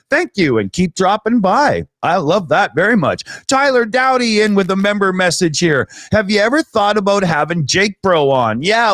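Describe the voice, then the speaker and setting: A man hosting a casual livestream, reading out super chats in an animated way, laughing often and sounding a little tired. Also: a little high, dry recording, studio quality. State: tired, not feeling well. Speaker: host.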